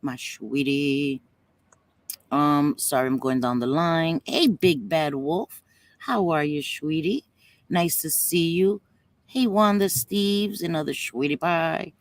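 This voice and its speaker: Her voice sits low and unhurried, recorded with no room sound at all. As a casual livestream host, she chats affectionately, calls her audience "sweetie pie," and sometimes fights back tears.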